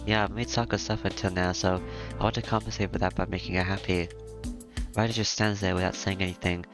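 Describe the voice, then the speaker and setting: A man reading a visual novel aloud in a plain, steady voice, stumbling and restarting now and then. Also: deep voice, fast talker. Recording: music playing behind.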